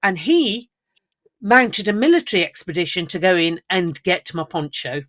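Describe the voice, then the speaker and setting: A woman co-hosting a podcast, telling travel stories in lively casual chat and laughing often. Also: fairly low pitch, moderate pace, dry recording, studio quality. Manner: chatty, animated storyteller who laughs often. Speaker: podcast co-host.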